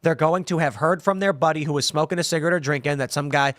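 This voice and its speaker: Animated male podcast host, dry studio. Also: a little high, quick pace, dry recording. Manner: animated storytelling with acted-out quotes. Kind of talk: casual chat, reading viewer comments.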